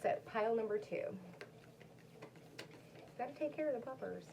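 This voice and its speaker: A woman's voice: on the high side, animated, normal speed, vocal fry, highs cut off, background noise. A woman doing a casual, rambling tarot card reading, chatting to her viewers. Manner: chatty, rambling, talks to her dog between cards. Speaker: tarot reader.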